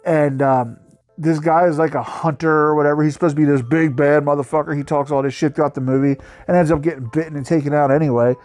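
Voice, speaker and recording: Profane, animated man ranting about a film. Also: a little high, quick pace, dry recording. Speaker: host reviewing a bad movie. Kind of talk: casual movie review rant. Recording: faint music behind the voice.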